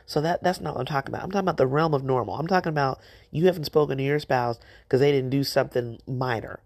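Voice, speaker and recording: Low, gravelly woman exhorting listeners. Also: quick pace, dry recording. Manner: preachy, animated, exhorting. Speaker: podcast host. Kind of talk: encouraging faith-based talk.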